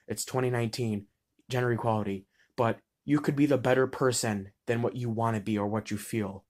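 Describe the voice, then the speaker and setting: A teenage boy in eleventh grade talking straight to camera about being bullied, blunt and heated, swearing freely and restarting words mid-sentence. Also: medium pitch. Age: teens. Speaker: student vlogger. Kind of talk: impassioned personal monologue.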